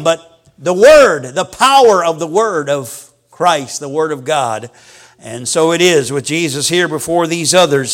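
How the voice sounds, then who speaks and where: A male pastor preaching a Sunday sermon, acting out scripture quotes with dramatic emphasis. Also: high-pitched.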